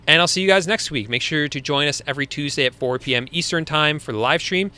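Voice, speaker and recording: Fairly high-pitched, pushed, bright and smooth, this young Long Island man talks fast while hosting a loose live Q&A for his viewers. He keeps it chatty, laughs easily and often restarts.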